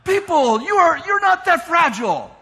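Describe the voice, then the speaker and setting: A man preaching a lively sermon, shouting his points and mimicking complainers in mock voices. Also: very high voice, moderate pace, a little hiss or hum. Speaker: pastor. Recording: long hall reverb from a church.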